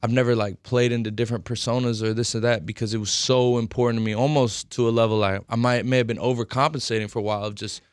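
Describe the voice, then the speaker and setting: A man's voice: mid-range voice, level tone, fast, hardly any pauses, smooth, no echo, clean studio sound. A young man in his twenties answering interview questions thoughtfully and earnestly, with many fillers. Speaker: rapper, interview guest. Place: radio studio.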